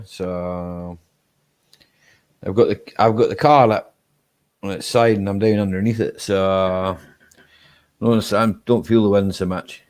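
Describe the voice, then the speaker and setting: A Scottish live-stream host with a lowish voice reads out viewer comments in a laid-back, chatty way. He laughs easily and tends to finish his lines with "eh?"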